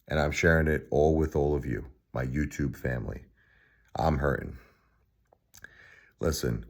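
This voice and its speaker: A Brooklyn vlogger in his forties, with a Brooklyn accent and an extremely low voice, speaks bluntly and from the heart in a late-night vlog. He repeats phrases and laughs wryly.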